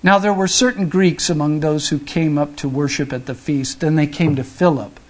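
A man's voice: on the high side, fairly even intonation, normal speed. A man preaching a sermon in a conversational, storytelling way, often restarting his sentences. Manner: conversational, acts out the people in the story; frequent restarts and fillers. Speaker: pastor.

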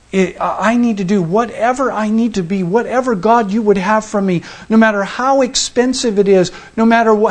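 A man preaching a sermon in a conversational, storytelling way, often restarting his sentences. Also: sits high. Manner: conversational, acts out the people in the story; frequent restarts and fillers. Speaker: pastor.

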